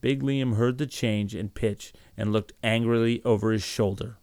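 A man reads a story aloud at a steady, measured pace. His voice sits on the low side. The recording is close and dry, with no room sound. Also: dry recording. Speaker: narrator. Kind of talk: storybook reading.

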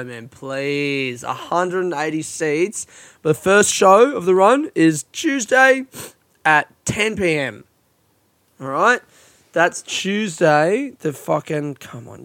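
A man's voice: a little high, a bit bright, dry recording. Sweary, tired Australian man rambling. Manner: rambling, sweary, self-deprecating. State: tired and yawning. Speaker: comedian podcast host. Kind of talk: casual solo podcast monologue. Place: friend's hot house, ceiling fan on.

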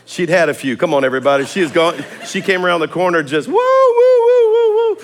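A man preaching in a church auditorium. He tells stories with an animated delivery, laughing and swinging from loud to hushed. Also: fairly high pitch, fast. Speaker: pastor. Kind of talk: sermon.

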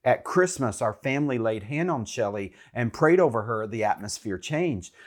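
A man's voice: medium pitch, animated, normal speed. Earnest man co-hosting a faith show. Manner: earnest, encouraging, preacherly. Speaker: co-host of a Christian talk show. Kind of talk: faith talk show chat.

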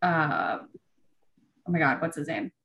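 A woman's voice: deep voice, big pitch swings, measured pace, gravelly, a bit bright. A woman chatting on a podcast, enthusiastic and sometimes trailing off while she searches for a word. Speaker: podcast co-host. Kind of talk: casual podcast chat.

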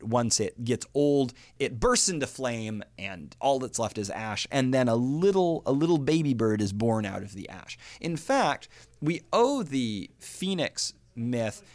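A man giving a podcast lecture, explaining step by step in an animated, scholarly way. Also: medium pitch, unhurried, dry recording. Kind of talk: podcast lecture on early Christian writers.

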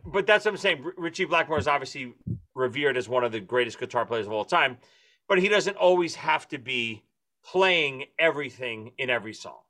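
A man's voice: mid-range voice, expressive, brisk, pushed and bright. A man co-hosting a podcast who teaches music, chatting casually and laughing often. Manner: laughing, enthusiastic. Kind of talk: casual chat.

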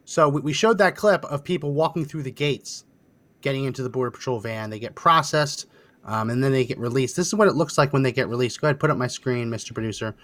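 A man hosting a political podcast, presenting clips with a brisk, sardonic delivery. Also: mid-range voice, a bit bright. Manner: brisk, sardonic, directing the producer. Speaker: podcast host.

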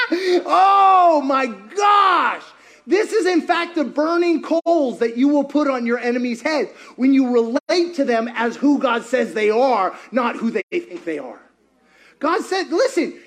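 A man preaching a sermon as pastor, animated and playful, firing questions at the congregation and acting out voices. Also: very high-pitched. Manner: animated, asks the crowd many questions; playful, acts out quoted voices.

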